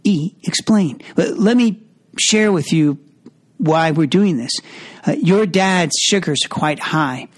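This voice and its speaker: A man who works as a surgeon, explaining a communication method in a measured, earnest way. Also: on the high side, expressive. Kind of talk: teaching conversation.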